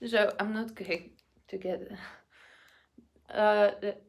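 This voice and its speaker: A woman chatting casually in a food vlog, excitable and swearing, often breaking into laughter. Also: medium pitch, drawn-out words, creaky, long pauses, slight background noise. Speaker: vlogger.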